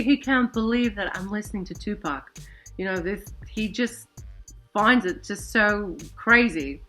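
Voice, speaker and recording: A woman's voice: medium pitch, a little slow, fairly bright tone, faint music behind. A woman in her forties telling a personal story casually, rambling with many fillers and asides. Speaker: vlogger.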